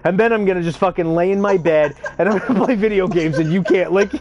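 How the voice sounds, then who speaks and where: Brief: high-voiced young guy, profane, animated storyteller, casual gaming chat. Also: fast, highs cut off, noisy background. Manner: animated, profane, acts out quotes. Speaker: youth care worker.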